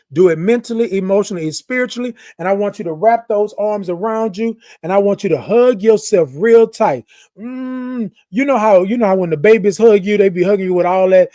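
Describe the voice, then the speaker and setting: With a high but dark voice, a Texan host reads his viewers' comments playfully on a relaxed morning livestream. The sound is dry and studio-clean.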